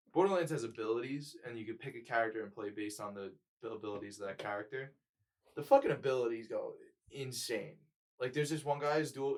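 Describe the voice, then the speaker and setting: A somewhat low-pitched man chats on a casual podcast, excitable and rambling, with a steady stream of fillers and swearing. His talk runs on in loose, looping sentences. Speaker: podcast co-host.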